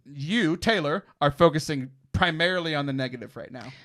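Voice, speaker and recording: A man hosting a podcast in casual chat, animated and quick to laugh, often jumping up into high exclamations. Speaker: podcast host.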